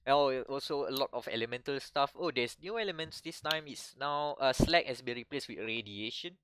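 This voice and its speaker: A man's voice: mid-range voice, lively intonation, moderate pace, noisy background. A man chatting casually about video games as a podcast co-host, often restarting and laughing. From Malaysia. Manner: rambling, many restarts and laughs. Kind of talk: casual gaming chat.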